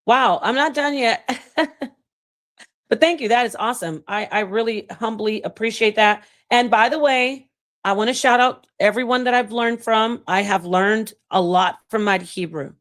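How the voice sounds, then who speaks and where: Pitched fairly high and moving at a moderate pace, a woman runs her own channel and teaches scripture in a relaxed yet emphatic manner. She reads passages out loud, talks directly to viewers, and thanks them, all with animated energy, much like a casual livestream.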